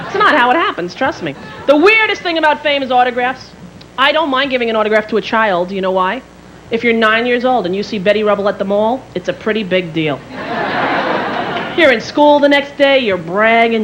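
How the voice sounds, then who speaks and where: A woman's voice: high-pitched, big pitch swings, a little fast. A woman performing stand-up comedy in a brash, profane, self-mocking way before a live audience. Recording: live stage with crowd laughter and noise.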